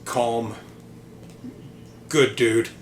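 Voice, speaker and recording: A man's voice: mid-range voice, steady tone, drawn-out words. Guy rambling through a story on his podcast, lots of ums and restarts, swears a bit, faint hiss behind. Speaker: podcast host.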